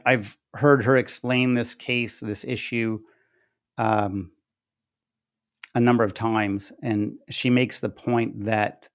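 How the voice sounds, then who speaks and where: A man of ordinary pitch with a gravelly, fry-tinged voice walks viewers through charts he has on screen. He rambles and corrects himself mid-sentence. Then he presses his points with emphatic disbelief. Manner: rambling, self-interrupting, emphatic and incredulous. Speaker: political commentary host. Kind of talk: casual screen-share commentary.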